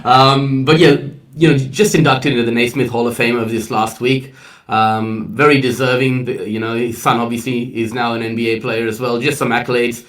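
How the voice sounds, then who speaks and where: A man's voice: medium pitch, steady tone, normal speed, fairly bright tone. A man co-hosting a casual sports chat, upbeat and calling people man and bro. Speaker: podcast co-host. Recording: distant mic.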